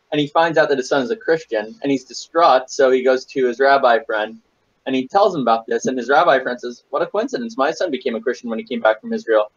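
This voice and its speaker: A man's voice: medium pitch, dull audio. A man telling jokes in a casual group chat, stumbling and restarting lines as he goes. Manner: halting, restarts, loose joke delivery. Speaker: podcast regular telling jokes.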